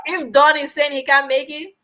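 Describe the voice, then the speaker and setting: A woman's voice: high-pitched, steady tone, normal speed, sharp tone. A young woman hosting a live stream, chatting casually and animatedly while answering viewer comments.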